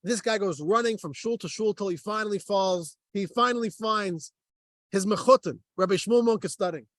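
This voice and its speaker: A man's voice: high-pitched, normal speed, dry recording. A man, a rabbi, teaching a class and telling a story, acting out the characters' dialogue with animation.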